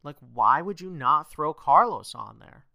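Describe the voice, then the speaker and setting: A man co-hosting a sports podcast in casual chat, animated, laughing often and leaning on "like" as he talks. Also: fairly high pitch, unhurried, gravelly, no room sound. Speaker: podcast co-host.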